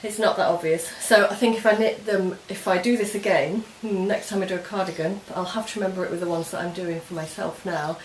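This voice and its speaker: Woman, lowish voice, casual show-and-tell chat, meandering explanations, echoey room, faint hiss. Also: steady tone, brisk, few pauses. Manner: chatty, meandering, explains step by step. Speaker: knitting podcast host. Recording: roomy echo with faint hiss.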